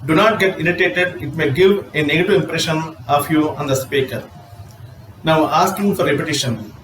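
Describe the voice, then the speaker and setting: A male college English lecturer giving an online class lecture, reading his notes aloud in a measured way with some fillers. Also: a little high, fairly bright tone, slight background noise. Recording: roomy echo from a distance with faint ambience.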